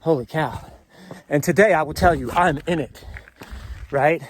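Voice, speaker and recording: A man's voice: on the high side, measured pace. Breathless man vlogging on a mountain trail. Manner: rambling, earnest and upbeat, trails off into asides. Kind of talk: casual vlog while hiking. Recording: loud outdoor noise behind the voice.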